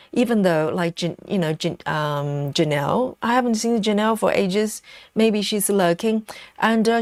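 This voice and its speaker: A woman's voice: medium pitch, a little mellow, no echo. Chatty woman hosting a cozy live stream. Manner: chatty, reads viewer comments aloud, frequent ums and you-knows. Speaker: livestream host. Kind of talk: casual live chat while stitching.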